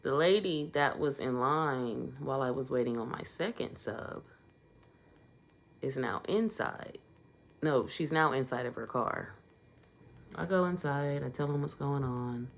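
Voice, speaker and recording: A woman's voice: very deep voice, lively intonation, a little slow, creaky. A woman telling a casual storytime vlog in a conversational way, getting emphatic in her asides.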